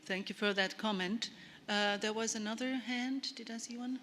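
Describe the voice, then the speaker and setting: A woman moderating a conference panel, polite and brisk as she introduces a speaker. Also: on the high side, steady tone, a bit bright, long reverb tail, slight background noise. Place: large conference hall.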